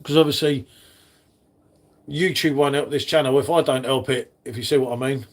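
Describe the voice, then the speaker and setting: A man's voice: mid-range voice, steady tone, normal speed. A man hosting a casual live stream, chatting with viewers in the chat by name. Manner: chatty, matey, talks to chat readers by name.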